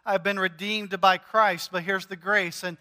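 A man's voice: sits high, level tone, measured pace, pushed and bright, long reverb tail. A male pastor preaching a sermon in an earnest, emphatic way, repeating key phrases.

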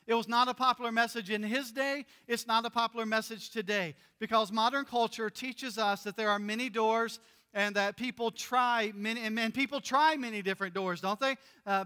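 Male pastor, sermon delivery, high clear tenor, earnest emphatic stresses. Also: sharp tone.

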